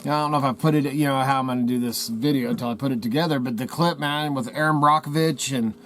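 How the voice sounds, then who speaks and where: A man from Idaho hosts his channel from a trading post, delivering a heated rant to camera about a cover-up in an agitated, rambling way full of folksy slang. His mid-range voice is steady in tone, fast, and a bit bright, with slight background noise.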